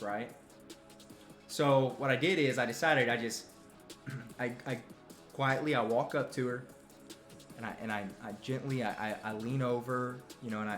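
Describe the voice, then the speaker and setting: A man's voice: mid-range voice, a bit bright, roomy sound. A man hosting a live stream, telling a comic story in a rambling, self-interrupting way and teasing his audience. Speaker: live stream talk show host. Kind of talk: comedic storytelling to a live chat.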